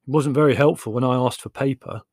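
A man reading aloud voices a stocky, quietly belligerent young man in a storybook, matter-of-fact in tone. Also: mid-range voice, a little fast, no echo, clean studio sound, lightly acted.

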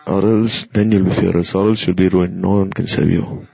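A man giving an earnest, admonishing devotional sermon, with pauses and fillers. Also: deep voice, steady tone, gravelly, mellow, breathy edge. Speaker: spiritual teacher. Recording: dull lo-fi recording.

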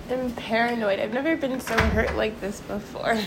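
A young woman vlogging at home, high and upset, rambling through a sweary confessional rant and laughing nervously between phrases. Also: measured pace, very noisy. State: upset, near tears. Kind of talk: casual confessional vlog rant. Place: home, indoors.

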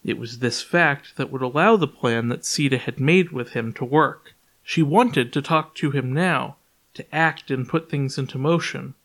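A man reading his own story aloud as a podcast narrator in a clear, even storytelling manner. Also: medium pitch, unhurried. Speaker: author and podcast reader. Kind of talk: audiobook narration.

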